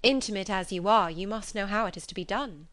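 A woman's voice: medium pitch, brisk, no echo, lightly acted. Casting: woman playing a witty young woman, teasing and ironic, dry close sound. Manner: lively, ironic.

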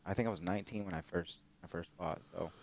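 In a low, creaky voice at a quick pace, a young man tells stories as a guest in a casual interview. He's an MMA fighter and streamer, laid-back, swearing freely and filling his speech with fillers. The sound is dull, lo-fi and dry.

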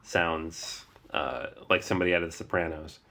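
Man from Seattle, board game podcast host, deep voice, casual banter. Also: normal speed, creaky, a loud crowd. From Seattle, US Pacific Northwest. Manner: relaxed, laughs often, rambling asides. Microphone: remote call recording.

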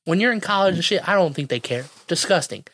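A young man tells a story in casual podcast chat. His voice is a bit high and swings widely as he acts out what people said, and the sound is dry and close. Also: fast talker, dry recording. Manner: animated, profane storytelling with quoted voices.

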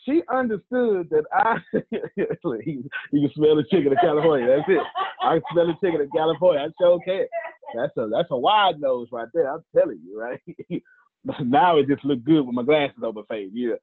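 A man's voice: on the high side, lively intonation, moderate pace, breathy edge. A man, a motivational speaker telling personal stories in a joking, conversational way with preacher-like asides. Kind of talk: casual storytelling talk. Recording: phone-like lo-fi line.

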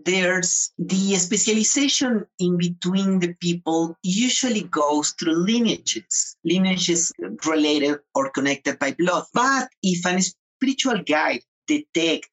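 A man from the Mayan highlands, an author being interviewed, speaking earnestly with frequent restarts and repeated words. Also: lively intonation, fairly bright tone, low-quality recording. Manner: earnest, halting, with many restarts. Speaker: author and guest. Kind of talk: interview conversation.

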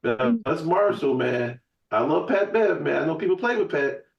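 A man's voice: fairly high pitch, animated, normal speed, vocal fry, lo-fi sound. A man talking in a casual podcast chat as the guest, emphatic and profane, rambling with restarts. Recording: echoey room, voice from far off the mic.

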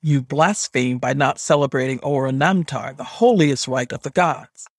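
A man's voice: mid-range voice, normal speed, dry recording, clean studio sound, close to an everyday voice. A man voicing a stern, commanding goddess who is the heroine's grandmother, speaking in a hard tone. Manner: hard, demanding tone.

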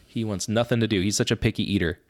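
With a deep, low voice held in a steady tone, this podcast co-host and dad talks quickly through casual chat, telling lively stories and frequently cracking up at them himself.

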